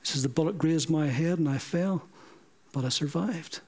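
Preacher guy, fairly high voice, tells stories and acts out the back and forth. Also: moderate pace, husky. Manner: animated, acts out quoted dialogue. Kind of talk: sermon storytelling.

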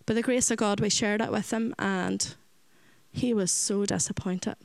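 A woman's voice: mid-range voice, fairly even intonation, moderate pace, gravelly, dry recording, low-quality recording. A Northern Irish woman who runs a children's home, giving an earnest faith testimony and acting out the voices of the people in her story. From Northern Ireland. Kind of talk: personal faith testimony talk.

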